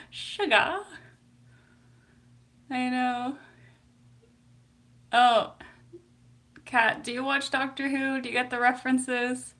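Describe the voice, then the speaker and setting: A woman's voice: sits high, steady tone, takes it slowly, long pauses. A woman therapist chatting casually on a live stream, giggly and full of fillers. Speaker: psychotherapist.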